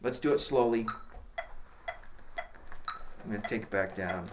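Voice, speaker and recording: A man's voice: lowish voice, a little slow. Man coaching drums in an echoey room. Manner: plain, practical coaching, counts beats aloud. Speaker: drum teacher. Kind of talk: instructional talk with counting along. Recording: echoey room with clear drum and metronome noise.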